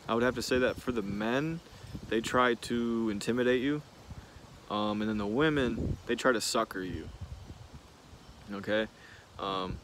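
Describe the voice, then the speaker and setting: A young man in his twenties with a fairly low voice, rambling frankly in a casual talk-to-camera vlog. He piles on fillers and restarts, sounding loose and unscripted. Faint background sound sits under his voice. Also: fairly bright tone, slight background noise. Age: 20s. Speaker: business owner, vlogger.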